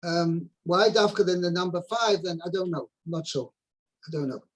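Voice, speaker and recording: A man's voice: high-pitched, moderate pace, low-quality recording. A man teaching a study partner, patiently translating and explaining a text step by step.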